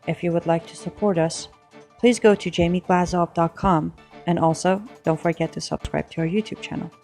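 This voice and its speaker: A woman's voice: lowish voice, steady tone, moderate pace, gravelly, darkish tone. Woman reading a promo over faint music. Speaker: promo announcer. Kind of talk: scripted promo read.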